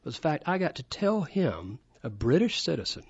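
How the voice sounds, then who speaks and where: A man in his fifties from Alabama with a Southern accent tells anecdotes eagerly as a guest on a radio show. His voice is husky and the sound is dry and a bit dull. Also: fairly high pitch, big pitch swings, moderate pace, a little mellow, no room sound. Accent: Southern American. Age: 50s. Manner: enthusiastic, anecdotal. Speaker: studio guest. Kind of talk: casual storytelling. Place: radio studio.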